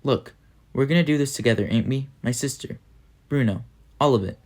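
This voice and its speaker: A man voicing a scrappy, loyal poor city boy, coaxing in quick street slang. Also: medium pitch, a little mellow, lightly acted.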